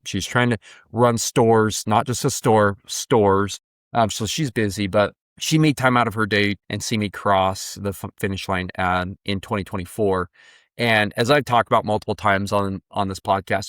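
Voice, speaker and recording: A man's voice: on the low side, fairly bright tone, dry recording, clean studio sound. A man hosting a podcast, reflectively telling a personal story in a casual, emotional way. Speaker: podcast host. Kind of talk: casual interview conversation.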